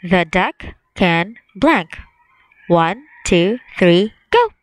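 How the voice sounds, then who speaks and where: A young woman teacher leading a phonics lesson for young children, slowly drawing out words for them to repeat. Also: fairly low pitch, sing-song, no room sound, rough recording. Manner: slow drawn-out call-and-repeat drills.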